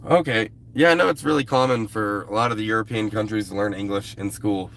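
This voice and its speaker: Low-voiced man chatting on a livestream. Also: fairly quick, a bit bright. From US West Coast. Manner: loose, rambling and profane. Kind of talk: casual live-stream chat with viewers.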